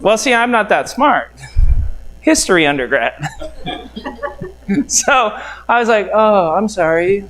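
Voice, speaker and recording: A man's voice: high voice, big pitch swings, takes it slowly, long pauses, a bit bright, poor audio. A middle-aged man from the United States, a real estate mentor, telling a seminar story and acting out both sides of the conversations.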